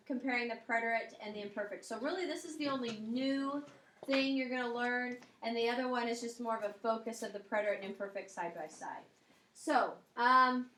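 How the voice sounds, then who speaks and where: A woman's voice: on the high side, a bit bright, roomy sound, slight background noise, poor audio. A woman Spanish teacher giving a classroom grammar lecture, explaining step by step and checking in often with "okay?" and "um".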